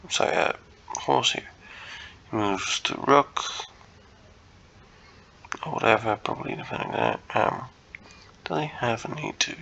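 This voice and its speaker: Male streamer, bright tone with gravel, casual muttering think-aloud commentary, hesitant and self-correcting. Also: medium pitch, lively intonation, unhurried, pauses often, slight background noise, rough recording. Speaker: chess content creator.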